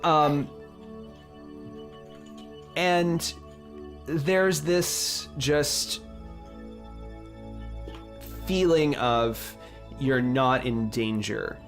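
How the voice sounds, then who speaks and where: A man's voice: fairly high pitch, very slow, long pauses, a bit bright, soft background music. Laid-back man narrating as game master.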